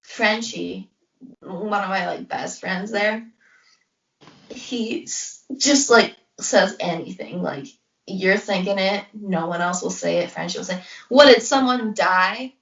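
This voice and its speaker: A young woman co-hosts a casual podcast, rambling through a story with endless "like"s and acted-out quotes. Her voice carries a gravelly fry. The recording sounds roomy and dull, as if she sits away from the mic. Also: medium pitch, fairly even intonation, takes it slowly, a bit bright, far from the mic. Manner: rambling, heavy use of "like", acts out quotes. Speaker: podcast co-host.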